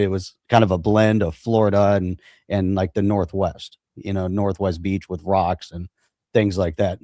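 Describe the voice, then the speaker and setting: A man's voice: lowish voice, dark tone, no room sound, studio quality. A man co-hosting a casual chat, asking questions and nodding along with brief agreements. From United States. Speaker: co-host.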